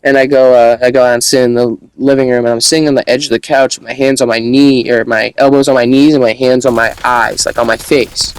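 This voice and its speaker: Young guy, middle pitch, casual storytime monologue, rambling, slangy, stumbles over his words. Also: little pitch movement, fairly quick, hardly any pauses, smooth, no echo, low-quality recording.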